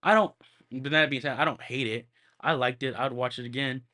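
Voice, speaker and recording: A man with a mid-range, sharp voice and fairly even intonation reviews a film on his own podcast, talking fairly quickly. It's a casual solo review where he rambles, loops back, fills gaps with filler words, and swears freely.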